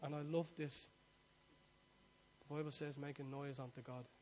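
A man pastor preaching a sermon, swinging from soft confiding asides to loud shouted prayer lines for the congregation to repeat. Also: fairly high pitch, level tone, moderate pace, a little hiss or hum. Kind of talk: sermon with call-and-response prayer.

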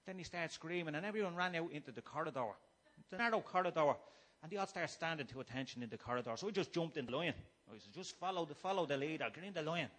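A middle-aged Irish man giving a humorous personal testimony to a gathering, shifting between quiet musing and loud, acted-out shouting. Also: fairly high pitch, expressive, fast talker. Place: room before a live gathering.

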